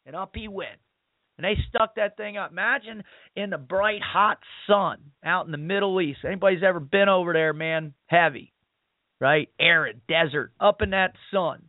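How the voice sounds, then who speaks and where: A high-pitched man speaks as a podcast host, emphatic and repetitive, retelling a story in a loose sermon-like style. The sound is dry and tinny, as if over a phone line. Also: normal speed, dry recording. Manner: emphatic, repetitive, peppered with "man" and "you know". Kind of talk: casual spoken retelling, sermon-like.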